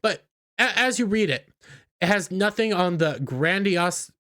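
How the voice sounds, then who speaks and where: A man's voice: high voice, animated, unhurried, pushed and bright. A man giving opinionated commentary in an indignant, scornful, ranting manner. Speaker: YouTube commentator.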